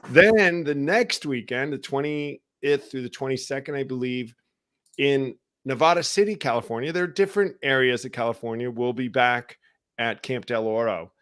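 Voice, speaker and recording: A man's voice: mid-range voice, normal speed, fairly bright tone. A man hosting a live online recovery show, talking casually and greeting viewers by name. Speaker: show host. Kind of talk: casual live-stream talk.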